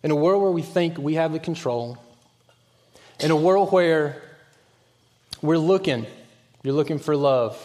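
Earnest high-voiced preacher in a reverberant church. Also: male voice, measured pace, pauses often. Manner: earnest, dropping to a hushed voice on key points. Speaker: pastor. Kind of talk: sermon.

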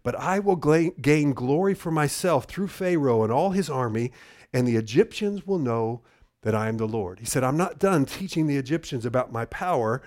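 A middle-aged man preaching a sermon, telling a Bible story with dramatic drops into a low hushed voice and frequent restarts. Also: animated, moderate pace. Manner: restarts and repeats words. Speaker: pastor.

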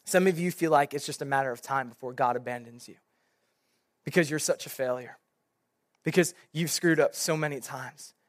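A young man, a youth pastor, preaching a sermon in an animated storytelling way, with many casual fillers. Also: medium pitch, moderate pace, dry recording, studio quality.

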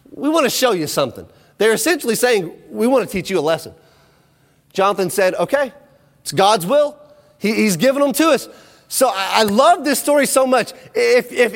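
A man's voice: extremely high pitch, creaky, in a large hall. A man preaching a sermon, retelling a Bible story with energy, acting out the quotes and checking in with his listeners. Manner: energetic storytelling, acts out quotes, asks the audience.

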